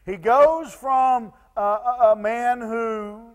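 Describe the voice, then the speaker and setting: A man preaching a sermon as pastor, halting and repeating words with many fillers, dropping to soft pleading tones when quoting. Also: very high-pitched, highs cut off. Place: church sanctuary. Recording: long church reverb.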